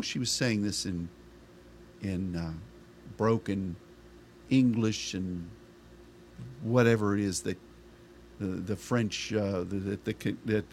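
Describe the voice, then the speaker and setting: A man's voice: lowish voice, a little hiss or hum. A middle-aged male pastor preaching a sermon in a conversational style, asking rhetorical questions of the congregation.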